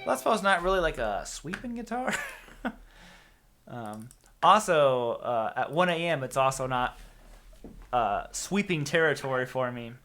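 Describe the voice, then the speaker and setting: A man's voice: mid-range voice, very animated, unhurried, pauses often. A man hosting a casual guitar live stream, rambling and self-deprecating as he reads out viewer comments. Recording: loud guitar music over the voice. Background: loud guitar playing.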